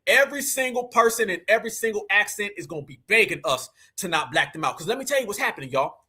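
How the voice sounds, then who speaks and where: High-pitched, husky livestream host man. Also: expressive, quick pace, bright, forceful tone. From United States. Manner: emphatic and repetitive, calls listeners "fam"; preachy, addresses the audience directly. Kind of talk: livestream commentary.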